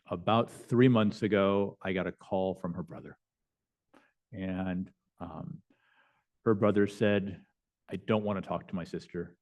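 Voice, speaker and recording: A man with a lowish voice tells stories from his chaplain work during a lecture. He speaks conversationally, with many fillers and false starts. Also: a little mellow, highs cut off. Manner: conversational, with frequent fillers and restarts. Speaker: bishop and chaplain. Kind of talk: lecture storytelling. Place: lecture hall.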